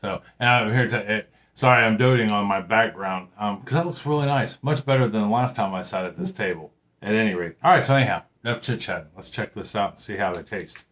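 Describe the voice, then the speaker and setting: A middle-aged man talks casually into a camera at his table, in a slightly low voice. His speech wanders in a friendly way, with lots of fillers, restarts and asides. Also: brisk, a bit bright. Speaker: home cooking vlogger. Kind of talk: casual chat.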